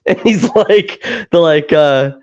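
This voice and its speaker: A man's voice: a little high, takes it slowly, clean tone, lo-fi sound. A man co-hosting a casual podcast chat. He laughs a lot, swears freely and acts out movie scenes as he retells them. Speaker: podcast co-host.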